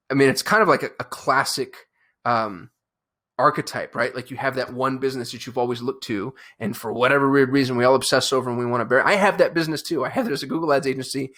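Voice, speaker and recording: A man's voice: medium pitch, fairly bright tone. A man who hosts his own channel, talking to camera in a fired-up, emphatic way with frequent restarts and fillers. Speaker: agency owner and channel host. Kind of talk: fired-up casual talk to camera.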